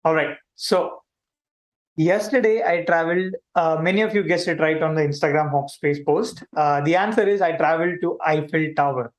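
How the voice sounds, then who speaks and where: A man playing a friendly alien who hosts a kids' livestream, animated and chatty, talking straight to viewers. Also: fairly high pitch, normal speed, lightly acted. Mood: cheerful. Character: friendly male alien visitor hosting a kids' stream. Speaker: livestream host. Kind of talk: playful kids' livestream hosting.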